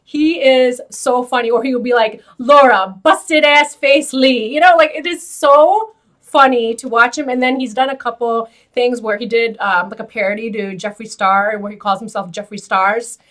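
A woman hosting a beauty vlog, chatting to camera in an animated, filler-heavy way and laughing often. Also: a little high, normal speed. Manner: loose filler-heavy talk with frequent "like". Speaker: beauty YouTuber host. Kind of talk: casual chat to camera.

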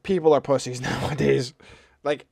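A young man hosting a reaction video, joking crudely and talking loudly about games and clips. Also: mid-range voice, moderate pace, vocal fry, a little hiss or hum. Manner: loud, crude, joking, animated. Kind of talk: casual reaction commentary.

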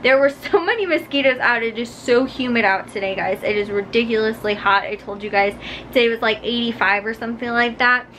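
A woman's voice: fairly high pitch, fairly quick, pushed and bright, slight background noise, poor audio. A young woman chatting casually to the camera in a daily vlog, rambling on, speaking into a handheld camera mic outdoors and then in a car. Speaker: vlogger.

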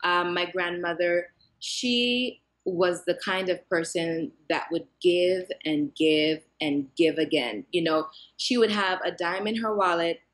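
A young woman, a fashion designer, answering interview questions in a lively, talkative way with many fillers and restarts. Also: fairly low pitch, takes it slowly, hardly any pauses.

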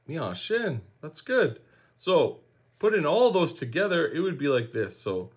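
A man from Saskatchewan, Canada, teaching a language lesson in a slow, encouraging way, repeating each word for learners to say along. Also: fairly high pitch, big pitch swings.

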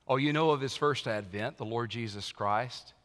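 A man preaching from the pulpit with a middle-pitched voice, rising loud on key lines and dropping to a hush for weight. His sermon rings out with a long reverb tail that fills the church hall. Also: normal speed. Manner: preaching with wide swings in loudness, dropping low and quiet for emphasis. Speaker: senior pastor. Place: church sanctuary.

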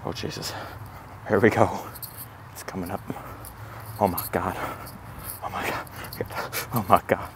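A young man with a low, heavy voice vlogs on a handheld camera out on a city street, playing a comic redneck persona. He shifts from hushed, sneaking mutters to sudden excited outbursts. Traffic and street noise sit clearly behind him. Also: unhurried, long pauses. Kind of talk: handheld comedy vlog commentary. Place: outdoors in a city. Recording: noisy outdoor street recording.

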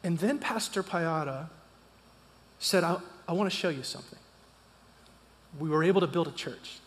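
A man in his thirties preaching in a church, telling a personal story, animated and swinging from loud to hushed. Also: a little high, moderate pace. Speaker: pastor. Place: church sanctuary. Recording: long reverb of a church hall.

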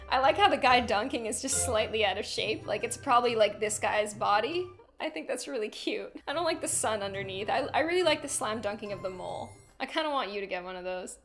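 A young woman with a bright, fairly high voice chats her way through a reaction video, giggly and full of playful tangents. Faint music hums underneath her talk. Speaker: gaming and reaction video host. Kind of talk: casual reaction commentary.

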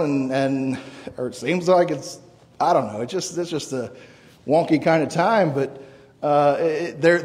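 A man's voice: a little high, a little mellow, big-room sound. A man preaching a sermon as pastor, in an earnest, conversational way that often repeats words. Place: church sanctuary.

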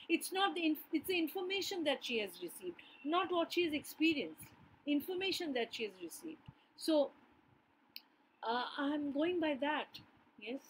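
A woman's voice: high-pitched, expressive, unhurried, poor audio. A woman teacher explaining a poem line by line, often asking her listeners rhetorical "yes?" questions.

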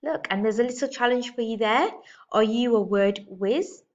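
A woman teacher reading a picture book aloud to young children in a gentle storytelling manner. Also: fairly high pitch, moderate pace. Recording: slightly dull lo-fi recording.

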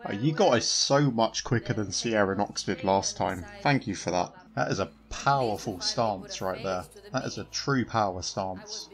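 A man's voice: on the low side, normal speed, hardly any pauses. A man giving joking commentary over a video game in a dry, sarcastic manner. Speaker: gaming channel host.

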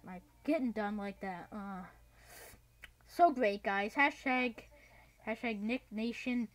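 A woman hosting a gaming channel, giving excitable gameplay commentary that breaks into yells and shrieks and is full of "dude". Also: a little high, slow pace.

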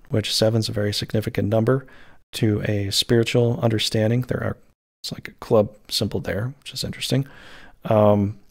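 A man's voice: mid-range voice, a little mellow. A man giving a casual, rambling tarot reading, full of fillers and restarts. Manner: rambling, meandering, lots of fillers. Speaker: tarot reader.

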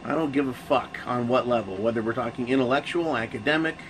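A man's voice: mid-range voice, fast, background noise. A man hosting his own channel, talking casually to camera in a rambling, profane rant full of restarts. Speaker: channel host.

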